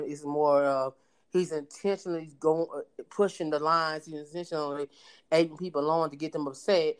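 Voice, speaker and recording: A man's voice: a little high, clear, resonant tone. A man in a heated panel debate who halts and repeats words before pushing his point.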